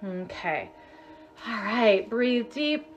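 A woman's voice: fairly high pitch, expressive, very slow, dull audio, faint music behind. A woman energy healer leading a live guided healing session, soothing and chanting a repeated release mantra.

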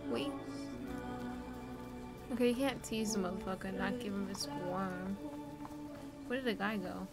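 A woman's voice: mid-range voice, fairly even intonation, moderate pace. A young woman streamer chatting and swearing casually as she plays a game and talks to its characters. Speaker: gaming streamer. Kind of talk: casual let's-play commentary. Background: game music.

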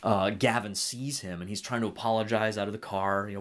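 A man with a fairly low voice walks through a movie plot in a casual review, getting animated as he retells scenes. He often stops to correct himself, then moves into a reflection on faith. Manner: animated retelling with a halting, self-correcting flow. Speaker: film reviewer and faith commentator. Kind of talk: casual spoken film review.

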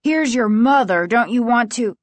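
A woman's voice: on the high side, lively intonation, dry recording, pitched above the performer's own voice, lightly acted. A woman voicing an angry, alarmed scientist father who scolds his children in a storybook reading. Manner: slow, forceful, accusing.

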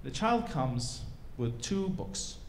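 Animated male storyteller with a lively pitch. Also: slow, vocal fry, a little hiss or hum. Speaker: speaker at a cultural event. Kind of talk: storytelling talk to a live audience. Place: event hall stage.

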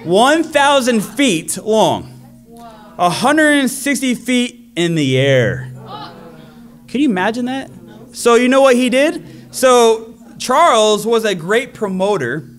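A man's voice: very high voice, a bit bright. A man preaching a sermon, telling a story with energy and acting out the crowd's voices.

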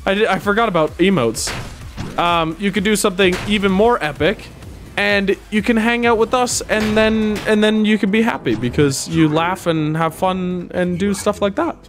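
A young man talks through a video game as he plays it live, his voice sitting a little high for a man. He swings from muttering to sudden yelps and shouts. Faint game music plays under him. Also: moderate pace. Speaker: streamer. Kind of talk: live gameplay commentary.

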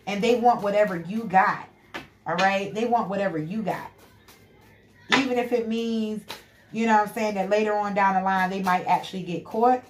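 A woman delivers a tarot reading in an emphatic, repetitive way. Her voice sits in a middle pitch. It echoes around the room over a loud bed of background noise. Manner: emphatic, repetitive, frequent "you know what I'm saying". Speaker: tarot reader.

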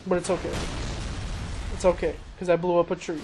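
Excitable young man commentating a racing game. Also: high voice, a little fast, over music. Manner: excitable, talks to himself, self-mocking. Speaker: gameplay commentator. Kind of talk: casual let's-play commentary. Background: engine noise and crashes from the game.

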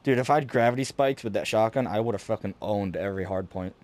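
A man chatting loudly with friends while playing an online shooter, excitable and swearing freely. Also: fairly low pitch, quick pace. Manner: loud, excitable, swears a lot. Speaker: gamer recording party chat. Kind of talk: casual gaming banter.

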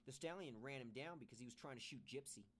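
A man's voice: medium pitch, fast talker, slight background noise, lightly acted. A man voicing an insistent young girl while reading a children's storybook aloud.

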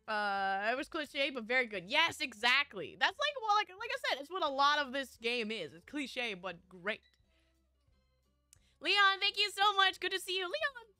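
A woman's voice: sits high, sing-song, moderate pace, sharp tone, no echo, faint music behind. A young woman streaming a game, chatting casually with her viewers in a bubbly, giggly way. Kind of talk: casual live-stream chat.

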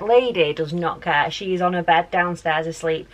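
A vlogger and mum chats casually from her child's bedroom at home, rambling with lots of fillers in a casual home vlog. Her voice is on the low side, at normal speed.

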